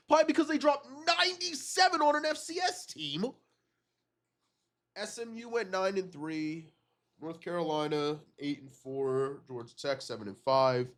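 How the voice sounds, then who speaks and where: Gaming creator with a cold, high-pitched man, unhurried delivery, excitable and foul-mouthed when stunned by results. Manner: excitable, swears often, disbelieving exclamations. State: has a cold. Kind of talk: reacting to simulated season results.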